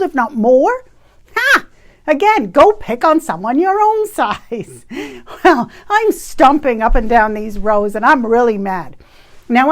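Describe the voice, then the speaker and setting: A woman in her fifties from Canada tells a personal story with a fairly high voice. She speaks in an animated, emphatic way and laughs now and then. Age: 50s. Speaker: retreat facilitator.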